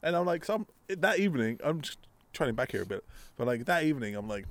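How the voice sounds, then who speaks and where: A man in casual chat, speaking bluntly and joking quickly. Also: medium pitch, big pitch swings, dry recording. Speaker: podcast co-host.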